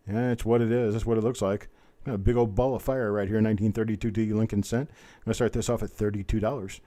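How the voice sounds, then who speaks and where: Hosting a live coin auction on the web, this man rattles off bids in a speedy chant and drifts into folksy small talk. He speaks on the low side with fairly even intonation and a dark tone.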